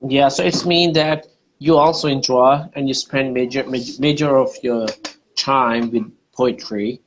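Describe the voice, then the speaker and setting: A man's voice: medium pitch, steady tone, measured pace, dull audio. A man from Pakistan with a Pakistani English accent, hosting a casual conversation over a video call, chatty and often searching for words. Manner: warm, chatty, searching for words, many fillers. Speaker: host.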